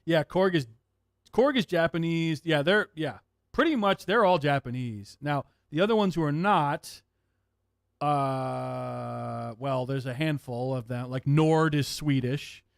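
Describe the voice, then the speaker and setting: A man hosting a livestream, chatting casually with viewers in an excitable, profane way and laughing often. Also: fairly high pitch, a little slow, gravelly, clear, resonant tone, dry recording, studio quality. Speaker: livestream host.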